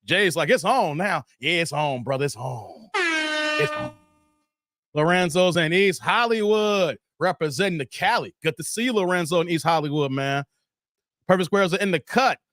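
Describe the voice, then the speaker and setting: Male stream host, higher voice, playful banter, dry close sound. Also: a bit bright, dry recording. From Chicago area. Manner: laid-back, playful, trash-talking banter. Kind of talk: casual live stream chat reading comments.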